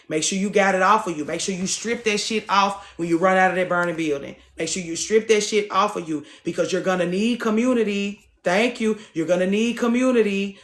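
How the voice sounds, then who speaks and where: A woman's voice: on the low side, reverberant. A woman hosting a TikTok live, talking casually to her viewers in a blunt, preachy way and swearing freely.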